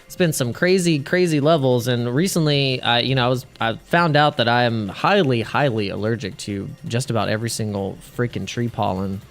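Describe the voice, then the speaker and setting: A man's voice: mid-range voice, normal speed, hardly any pauses, soft background music. A man hosting a casual crypto livestream, rambling, restarting his sentences and laughing at his own jokes.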